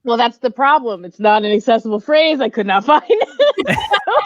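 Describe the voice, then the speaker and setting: A woman's voice: fairly high pitch, expressive, moderate pace, dry recording. A woman on a casual panel, joking playfully.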